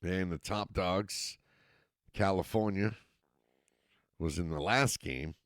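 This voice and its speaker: A man's voice: sits low, slow pace, no echo, clean studio sound. A man from Massachusetts with a slight local accent, calling play-by-play for a youth football game. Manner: steady play-by-play, rising excitement on scoring plays. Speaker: play-by-play announcer.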